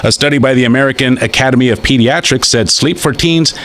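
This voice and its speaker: A man's voice: mid-range voice, quick pace, fairly bright tone, slight background noise. A man hosting a radio talk show, chatting loosely and reading news items aloud with stumbles and restarts.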